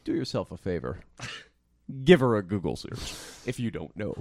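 A man co-hosting a podcast in casual chat, animated, swearing and laughing often. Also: lowish voice, moderate pace, vocal fry, no echo, studio quality. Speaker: podcast co-host.

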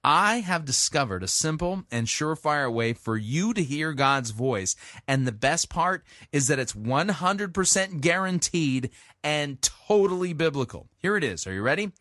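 A man's voice: very animated, moderate pace, fairly bright tone, dry recording, clean studio sound. A man hosting a podcast, delivering a sarcastic monologue styled like an infomercial, emphatic and list-driven. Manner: mock sales-pitch delivery, emphatic lists. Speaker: podcast host.

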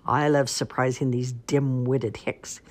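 A woman's voice: extremely low pitch, little pitch movement, unhurried. A woman voicing a scheming, greedy male wolf in a storybook reading, with a crooning, theatrical manner. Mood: gloating.

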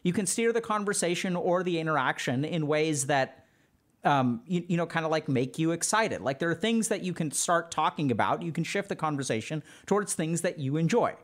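Guy w a pretty high voice teaching his stream chat, super casual, says like a lot. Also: lively intonation, fairly quick. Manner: loose and conversational, heavy use of "like". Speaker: streamer teaching social skills. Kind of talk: casual spoken lecture to a live chat.

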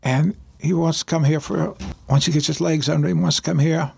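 A pastor tells a personal story on a radio show, his voice a touch high for a man, with plenty of gravel in it. The tone is husky and a little rough. He speaks earnestly and haltingly, backing up and restarting his sentences. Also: steady tone, a little mellow.

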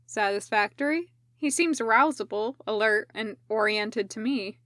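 A brisk, caring female medic, read by a woman asks clinical questions with patience. Her voice sits fairly high and the sound is close and dry. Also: fairly bright tone, no echo, lightly acted.

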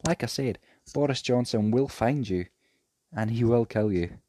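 A man's voice: fairly low pitch, darkish tone, dry recording. Rambling, sweary young man. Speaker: podcast host. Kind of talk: casual solo rant. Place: bedroom.

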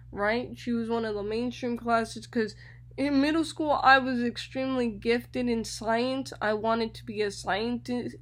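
A young woman from Florida, hosting a radio show and telling a personal story in an animated way, often repeating words. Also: a little high. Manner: animated, repeats words, addresses listeners as y'all.

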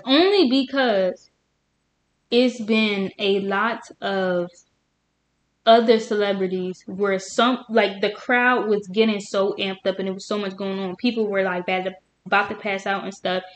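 Woman co-host, casual chat, argues her point with lively storytelling. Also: mid-range voice, unhurried, slight background noise. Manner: opinionated, animated storytelling. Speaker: podcast co-host.

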